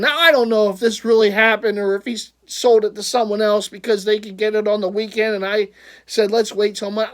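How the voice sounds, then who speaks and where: Guy rambling on his vlog, trips over words a lot, laughs, gets loud and worked up. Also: very high-pitched. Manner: rambling, repeats himself, laughs often. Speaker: vlogger, jersey collector. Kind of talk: casual storytelling vlog.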